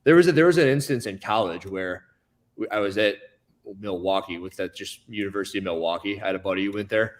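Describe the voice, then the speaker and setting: A man's voice: lowish voice, quick pace. A man, a podcast guest, telling a story in casual chat and stammering through restarts. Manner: storytelling, acts out other people's voices.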